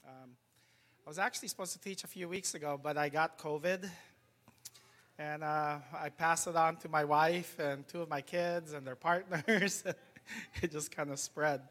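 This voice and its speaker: A man's voice: on the high side, fairly even intonation, moderate pace, fairly bright tone. A middle-aged man, a pastor giving a casual, conversational sermon with many fillers, still tired and with a lingering cough.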